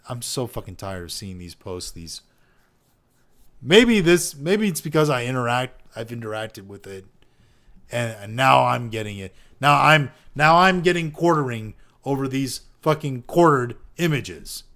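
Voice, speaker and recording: A man's voice: medium pitch, fairly bright tone. A man hosting a casual podcast, reading out online posts and ranting about them with heavy profanity and exasperation. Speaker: podcast host.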